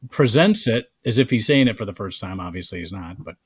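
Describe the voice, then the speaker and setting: A male host talks in an eager, affirming way and keeps the conversation on track. His voice moves lively up and down, recorded dry and close with no room echo. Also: lowish voice, fairly quick, breathy edge. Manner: eager, affirming, steers the talk. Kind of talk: casual chat.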